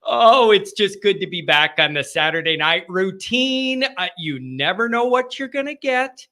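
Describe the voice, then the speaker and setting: A man hosting a live late-night call-in sports show, rowdy and animated, chatting with his viewers. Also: sits high, a little slow. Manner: rowdy, animated, talks to the chat.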